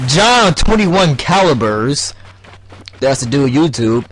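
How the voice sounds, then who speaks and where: During a casual let's-play, a gaming channel host jokes crudely with his friend and keeps laughing. His voice is a little high and very animated, though he takes it slowly, and there's slight background noise.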